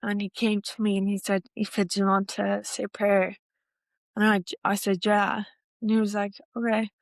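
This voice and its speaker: A young Irish woman in her twenties recounts her own story as a podcast guest, chatty and meandering. Her pitch stays fairly level and even. The recording is dry and close, with no room sound. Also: normal speed, dry recording. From Ireland. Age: 20s. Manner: chatty, rambling, full of "like" fillers. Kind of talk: personal storytelling in a podcast interview.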